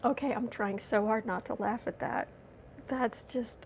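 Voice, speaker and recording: Woman rambling sarcastic on a tarot stream, kinda high voice, faint hiss behind. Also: fairly even intonation, unhurried, darkish tone. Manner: chatty, sarcastic, reads out viewer comments. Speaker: tarot reader and livestream host. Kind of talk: casual livestream chat reading viewer comments.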